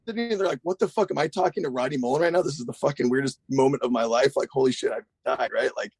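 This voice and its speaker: A man, a guest skateboarder, telling a long story in a rambling, profane, animated way. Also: mid-range voice, fast, husky, no echo. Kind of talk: casual storytelling.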